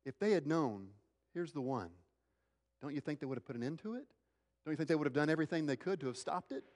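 A male pastor preaching a sermon, swinging between emphatic, raised lines and hushed, slow ones. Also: a little high, animated, in a large hall.

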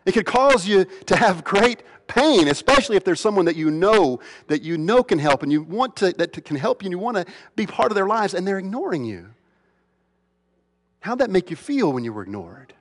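Animated preacher man in an echoing hall. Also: high-pitched, a little fast. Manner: animated preaching, rhetorical questions, swings from loud to hushed. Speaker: pastor. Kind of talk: sermon. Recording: long reverb of a large hall.

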